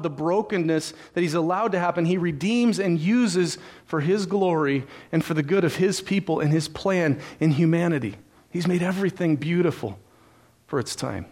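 A man preaching a sermon. He tells a personal story in a relaxed, conversational way, fills pauses with "uh" and "and so," then builds to earnest preaching. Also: sits high. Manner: frequent "uh" and "and so" fillers. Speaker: pastor.

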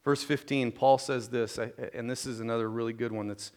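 A man's voice: medium pitch, steady tone, fairly quick, darkish tone. A man preaching a conversational sermon to a congregation, informal and joking, often restarting and repeating words.

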